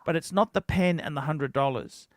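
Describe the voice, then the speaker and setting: A man's voice: fairly high pitch, normal speed, dry recording. A man hosting a livestream, telling a heated, profane story in a ranting chat. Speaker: livestream host.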